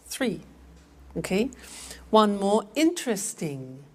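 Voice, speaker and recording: A woman teaching English vocabulary, repeating words slowly and clearly for learners. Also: mid-range voice, big pitch swings. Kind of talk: slow, clear language lesson.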